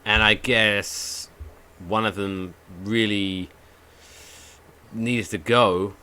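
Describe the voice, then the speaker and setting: A male podcast co-host chatting casually, with a lowish voice and a bright, forceful edge. He tells stories in an animated way, full of swearing and asides. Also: drawn-out words, clean tone. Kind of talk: casual chat.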